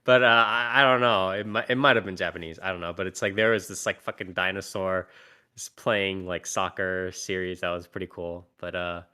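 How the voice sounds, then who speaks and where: A man's voice: deep voice, steady tone, a little fast, sharp tone, clear, resonant tone. A man hosting a casual podcast chat, laughing often and steering the talk between topics. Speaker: podcast host.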